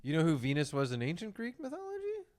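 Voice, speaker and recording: A man's voice: fairly high pitch, wildly swooping pitch, fast talker, a little mellow. A man co-hosting a casual comedy podcast, wry and laughing often. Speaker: podcast co-host.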